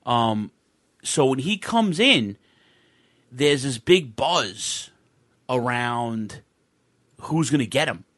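Excitable rambling man telling a story. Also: mid-range voice, takes it slowly, pauses often. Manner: rambling, restarts often, swears, excitable. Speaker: podcast guest telling a wrestling fan story. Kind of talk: casual storytelling on a video call podcast.

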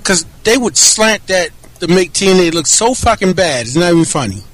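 A man's voice: high voice, lively intonation, brisk, fairly bright tone, low-quality recording. A man in casual chat, pressing others with pointed yes-or-no questions. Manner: pointed, cross-examining questions.

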